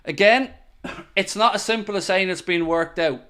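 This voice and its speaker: A man's voice: high voice, normal speed, bright, forceful tone, smooth. A man hosting a live football watchalong, chatting casually, thanking viewers and giving tactical opinions. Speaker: football channel host.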